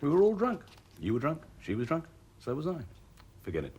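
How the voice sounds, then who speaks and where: An actor playing a jealous husband who coldly threatens a rival, with a clipped, quietly menacing delivery. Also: male voice, fairly high pitch, wildly swooping pitch, brisk, a little hiss or hum. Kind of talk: television drama acting.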